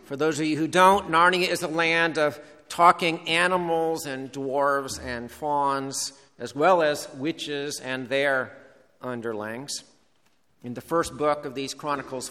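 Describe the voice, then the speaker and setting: A man preaching a sermon with deliberate, emphatic teaching. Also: a little high, sharp tone, smooth, big-room sound.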